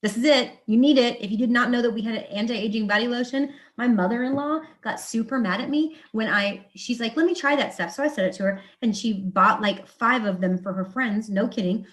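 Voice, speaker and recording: A woman beauty consultant giving a live product presentation. She talks in an enthusiastic, chatty way, with quick asides and acted-out quotes. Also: on the high side.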